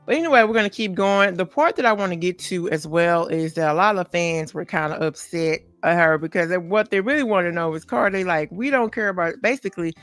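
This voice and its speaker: A woman's voice: lowish voice, a little fast, hardly any pauses, no echo, faint music behind. A woman hosting a celebrity gossip podcast in casual chat, talking straight to her viewers with many asides. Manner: chatty, talks straight to viewers, many asides and "okay?" tags. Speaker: podcast host.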